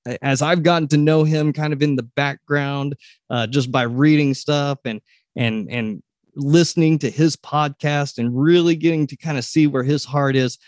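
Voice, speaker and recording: A man's voice: a little high, steady tone, normal speed, darkish tone, no room sound. A man hosting a podcast interview, chatty and folksy, with frequent restarts. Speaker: podcast host.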